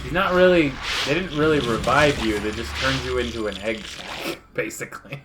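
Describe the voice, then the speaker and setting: A man's voice: medium pitch, normal speed, heavy background noise. A young man on a stream talking loosely about games, rambling with fillers and restarts. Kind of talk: casual gameplay chat.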